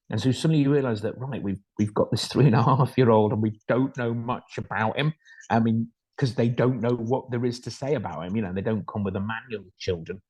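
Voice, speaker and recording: Middle-aged man, low husky voice, warm anecdotal storyteller. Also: poor audio. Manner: self-deprecating anecdotal storytelling with voiced quotes. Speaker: foster carer. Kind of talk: storytelling talk. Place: kitchen at home.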